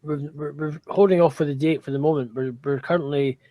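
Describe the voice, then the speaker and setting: A man guesting on a podcast, with a slightly high voice picked up on a dry, close mic. He stumbles and restarts as he explains things, casual and halting. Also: fairly even intonation, mellow, no room sound. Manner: hesitant, halting.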